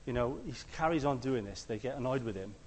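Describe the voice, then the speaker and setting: A man preaching a conversational sermon. He tells stories and acts out the quotes, sometimes shouting them loudly. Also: mid-range voice, animated, fast talker, big-room sound.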